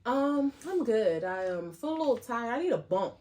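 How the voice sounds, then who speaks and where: A woman's voice: fairly high pitch, sing-song, normal speed, noisy background. A woman co-hosting a podcast in casual chat, upbeat and chatty with frequent fillers. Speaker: podcast co-host.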